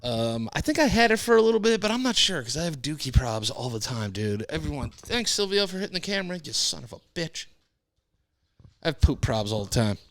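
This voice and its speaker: A man's voice: fairly high pitch, sing-song, a little fast, a bit bright, no room sound. A man hosting a podcast, telling a casual rambling story and cursing freely. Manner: rambling, swears freely, laid-back storytelling. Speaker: podcast host. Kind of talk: casual monologue.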